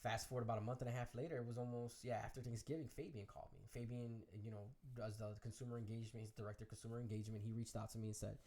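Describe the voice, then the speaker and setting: Fast-talking man telling a story. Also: mid-range voice. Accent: Chicago. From Chicago area. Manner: animated storyteller, acts out quoted voices. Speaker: guest DJ. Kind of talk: casual interview storytelling.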